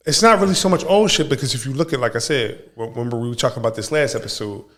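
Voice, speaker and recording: A man's voice: mid-range voice, a bit bright. Easygoing male podcast co-host. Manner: easygoing, quick to laugh. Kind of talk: casual chat.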